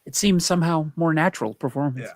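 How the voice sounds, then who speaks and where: A man's voice: on the high side, fast. A man co-hosting a movie podcast, chiming in with short, affirming remarks. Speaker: podcast co-host. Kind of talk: casual chat.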